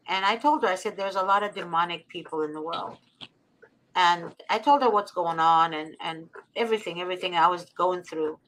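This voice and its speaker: A woman guest, from Egypt, earnestly telling a personal story and slowly reading a prayer. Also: on the low side, a bit bright, slight background noise, poor audio. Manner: earnest, heartfelt, slow and deliberate when reading.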